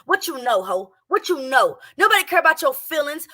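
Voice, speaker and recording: A woman's voice: high-pitched, big pitch swings, brisk, bright, forceful tone. A woman doing casual reaction commentary at home, talking brash, profane and heated. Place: home, a townhouse. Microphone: streaming setup with speakers playing a clip.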